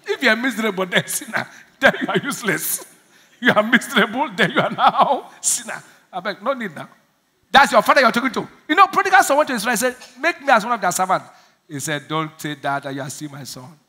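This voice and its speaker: A male pastor delivers a lively sermon in a high, ringing voice. He laughs through his points, calls on the congregation to answer back and mimics timid prayers in small voices. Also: quick pace. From Nigeria. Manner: laughing, call-and-response preaching.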